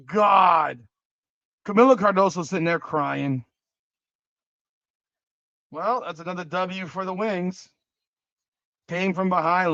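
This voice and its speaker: A man with a fairly high voice talks through a live game reaction, exclaiming and cursing at each play. He keeps putting the same rhetorical question to his viewers. The sound is dry and a little dull, like a modest home mic. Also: slow pace, pauses often, no room sound. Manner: excitable, exclaims and curses at plays; repeats rhetorical questions to chat. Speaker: livestream host.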